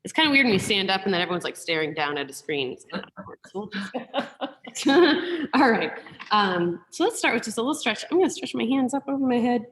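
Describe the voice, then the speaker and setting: Brief: woman choir teacher, lively pitch, gentle and encouraging, video call audio with a long room echo. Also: quick pace, a little hiss or hum. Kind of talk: online group singing lesson. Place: room with a piano.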